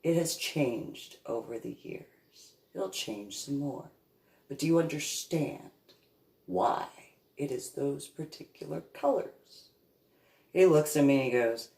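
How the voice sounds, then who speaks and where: A woman from New Jersey telling a rambling personal story in a halting, digressive way, with many restarts. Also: deep voice, creaky, warm tone. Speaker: reverend recounting memories. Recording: echoey room.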